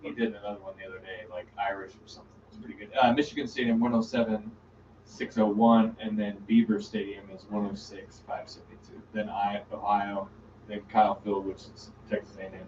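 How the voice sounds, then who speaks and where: A man's voice: on the low side, flat delivery, fairly quick, darkish tone, reverberant, recorded from a distance, lo-fi sound, slight background noise. A man co-hosting a live podcast, chatting casually and swearing now and then. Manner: laid-back, swears casually. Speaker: podcast co-host. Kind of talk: casual chat.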